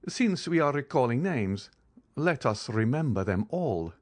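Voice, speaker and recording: A man reading an audiobook, voicing a calm, commanding count with bitter irony. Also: medium pitch, a little slow, no echo, studio quality, voice pushed up. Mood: cold. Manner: calm, icy, ironic. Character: cold, commanding male count, bitterly ironic. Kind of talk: audiobook character voice.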